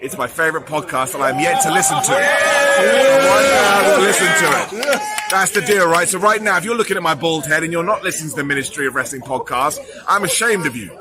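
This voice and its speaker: A man giving a loud, playful promo shout-out, scolding the listener in jest. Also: fairly high pitch, animated, fast. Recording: crowd noise behind.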